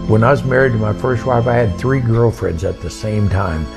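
A man's voice: lowish voice, normal speed, creaky, music in the background. An older man telling his personal testimony in a folksy, plainspoken way.

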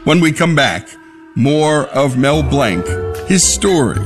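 A man's voice: fairly high pitch, very animated, slow. A man hosting a radio story show, narrating in an earnest, emphatic style. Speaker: radio host. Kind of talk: scripted narration. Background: music.

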